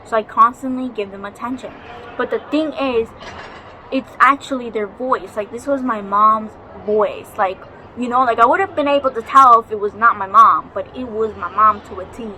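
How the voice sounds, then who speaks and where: Young woman rambling through a spooky story at home, bright voice, slightly high, faint hiss behind. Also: normal speed, low-quality recording. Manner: chatty, swears freely, dramatic retelling. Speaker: vlogger. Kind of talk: casual storytelling vlog. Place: home, near a balcony.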